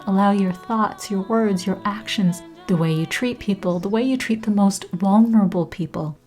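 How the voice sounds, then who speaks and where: Slow, softly whispering woman podcast host. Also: medium pitch, low-quality recording. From Canada. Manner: slow, soft and intimate, often dropping to a whisper. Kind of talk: scripted reflective narration.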